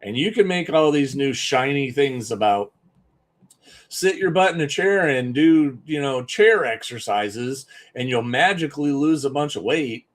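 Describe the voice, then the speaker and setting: A man's voice: mid-range voice, lively intonation, a little slow. A man giving an emphatic, conversational live-stream talk as a business coach, often repeating points for stress.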